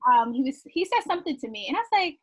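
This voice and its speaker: A woman co-hosting a podcast, telling stories in an animated, casual way. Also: sits high, very fast. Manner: animated storyteller. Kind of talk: casual conversation.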